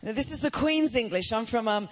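A middle-aged woman with an Australian accent, preaching as a guest speaker in a fast, lively, joking manner. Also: fairly high pitch. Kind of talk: sermon.

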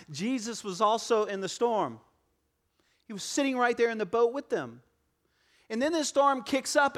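A male pastor with a notably high voice preaches to a congregation in a church auditorium. He keeps the tone joking and conversational and often turns aside to speak straight to the people in front of him. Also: a bit bright. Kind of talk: sermon.

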